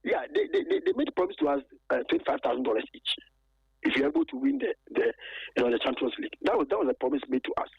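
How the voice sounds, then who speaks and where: A man, a former footballer calling in to an interview, talking in a halting, aggrieved way and stacking repeated words and fillers. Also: very high voice, huge pitch swings, creaky, slightly rough, no room sound, muffled recording. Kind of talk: phone-in interview.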